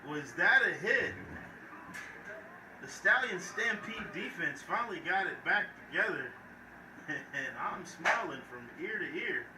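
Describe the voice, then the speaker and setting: A man doing play-by-play commentary for a college football game, hyped and playful, talking straight to viewers, recorded at a stadium. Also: high-pitched. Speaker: play-by-play announcer. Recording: echoey, distant mic with crowd noise.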